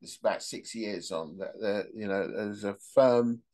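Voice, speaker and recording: A man with a fairly low, mellow voice and measured pace hosts a podcast, rambling casually through funny anecdotes and laughing at them himself.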